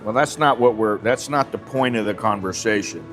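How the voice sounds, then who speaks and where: A man's voice: fairly low pitch, normal speed, fairly bright tone. An American man telling a rambling story in a casual live stream and acting out the dialogue. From United States. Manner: chatty, rambling, acts out dialogue. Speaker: vlogger. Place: Thailand, drinking coffee. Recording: music clearly behind voice.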